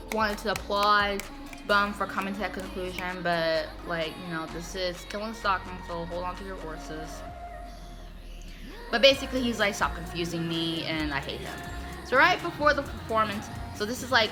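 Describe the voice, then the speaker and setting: Host, woman, casual sarcastic recapper, clear music bed underneath. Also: mid-range voice, moderate pace. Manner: sarcastic, chatty, lots of "like".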